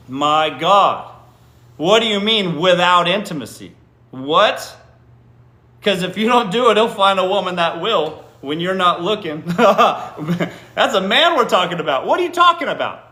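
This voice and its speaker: Hosting a live stream from an indoor room, a man answers viewer comments with blunt, teasing advice, swears freely, and often asks "what?" in disbelief. His voice sits high with a sharp tone, and the room is echoey.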